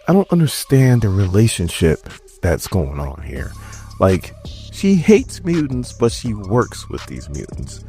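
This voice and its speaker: A man's voice: on the low side, a little mellow. A man casually retelling a comic book story, cracking jokes and acting out quoted lines. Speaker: comic book recap host.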